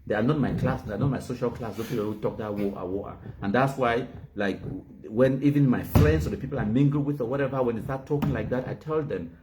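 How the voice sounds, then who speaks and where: A man from Cameroon, speaking Cameroonian Pidgin English-accented speech in a mid-range voice, talks fast with few pauses against a noisy background. As host of this casual banter, he boasts, mocks others, and laughs at his own jokes.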